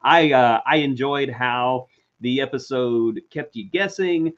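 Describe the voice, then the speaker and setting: A man's voice: mid-range voice, slow pace, fairly bright tone, muffled recording. A man co-hosting a casual TV review chat, jokey and self-deprecating, gushing about episodes he liked. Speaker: co-host of a TV review show.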